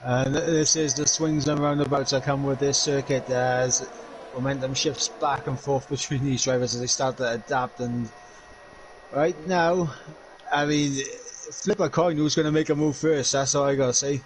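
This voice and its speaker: A man giving measured, analytical co-commentary on an online racing league. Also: medium pitch, steady tone, slight background noise, rough recording.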